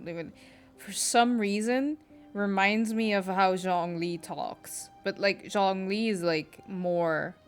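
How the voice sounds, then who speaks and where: A woman commenting casually while playing a story game, chatty and giggly, full of "like". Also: mid-range voice. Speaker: gaming streamer. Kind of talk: casual let's-play commentary.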